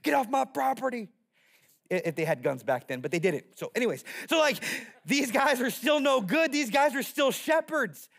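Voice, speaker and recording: A man, a pastor, preaching a sermon in an animated storytelling way, slipping into playful character voices. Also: very high-pitched, moderate pace.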